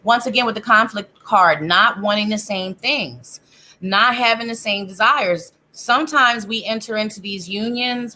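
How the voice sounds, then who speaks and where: A woman with a bright, forward voice gives a live tarot reading from her home. She talks casually, thinking aloud and breaking off mid-sentence. A faint hiss of background noise sits under the recording. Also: medium pitch, animated, normal speed. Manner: chatty, thinks aloud, self-interrupting. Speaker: psychic tarot reader.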